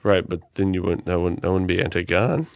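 A man co-hosting a podcast in casual chat, talking in an animated, ranting way and laughing easily. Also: sits low, a little fast, creaky, no echo. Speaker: podcast co-host.

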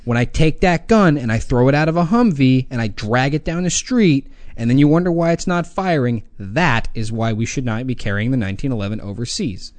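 A man's voice: medium pitch, expressive, fairly quick, few pauses, darkish tone, no room sound. Blunt ranting man, dry close mic. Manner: blunt, profane, mocking. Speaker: podcast co-host. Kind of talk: opinionated casual podcast rant.

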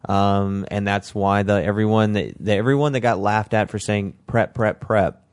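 A man's voice: fairly low pitch, steady tone, normal speed, smooth, no room sound, studio quality. A man hosting a podcast in casual chat, teasing his co-host.

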